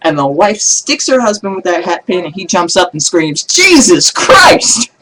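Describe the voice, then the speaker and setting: A man telling religious jokes in a casual video blog, animated and laughing at his own punchlines. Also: high voice, normal speed, noisy background.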